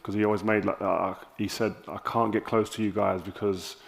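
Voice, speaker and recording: A man with a South London accent, an interview guest telling candid stories on stage with animated, lively quoted dialogue. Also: fairly low pitch, a little fast, creaky. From South London, England.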